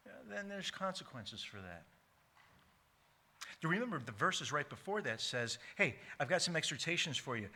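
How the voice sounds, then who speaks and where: Bright emphatic preacher man. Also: on the high side, very animated. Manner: emphatic, repeats key words slowly, frequent restarts. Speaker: pastor. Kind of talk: sermon. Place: church sanctuary.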